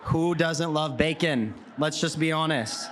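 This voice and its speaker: A man's voice: a little high, a little slow, a bit bright. A man emceeing a gala, introducing an auction item in an upbeat, joking way. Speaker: event emcee. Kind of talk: hosting a live event. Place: gala event hall.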